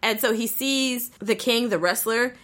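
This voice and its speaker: A woman's voice: fairly high pitch, unhurried. Chatty woman animatedly retelling a story. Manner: animated storyteller, acts out character lines, swears freely. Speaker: anime recapper in a casual chat. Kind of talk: casual chat.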